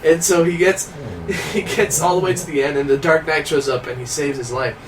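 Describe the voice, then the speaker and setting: Young man, casual commentary chat, animated storyteller, slightly high pitch, distant from the mic, noisy room. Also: moderate pace. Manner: animated storyteller, laughs often, bursts into shouted impressions. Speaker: co-host.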